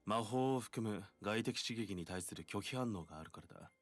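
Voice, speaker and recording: A man voicing a composed, long-lived male vampire doctor in a brisk, matter-of-fact way in a visual novel. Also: lowish voice, no echo, faint music behind, lightly acted. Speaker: game voice actor.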